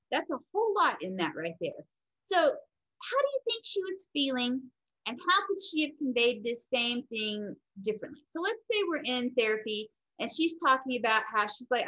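A woman's voice: fairly high pitch, normal speed, low-quality recording. A woman lecturing on counseling in an informal teaching style, acting out quoted people as she goes. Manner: animated, acts out quoted people. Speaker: counseling instructor.

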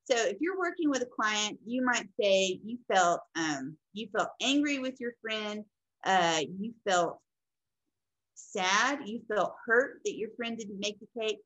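A counseling instructor with a mid-range voice lectures at a measured pace on a rough recording. Teaching informally and animatedly, she acts out the people she quotes.

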